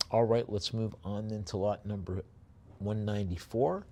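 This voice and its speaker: A man working as a live auctioneer, reading out lot descriptions and then rattling off fast bid calls. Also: on the low side, steady tone, mellow.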